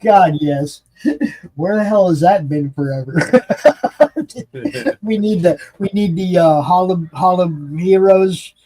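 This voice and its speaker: A man hosting a casual hangout chat, rambling and profane with quick laughs. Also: high voice, mellow, low-quality recording. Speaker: host.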